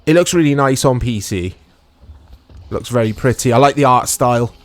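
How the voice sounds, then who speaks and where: British male gaming host, mid-pitched: casual, rambling, self-deprecating play-along commentary. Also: moderate pace. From United Kingdom.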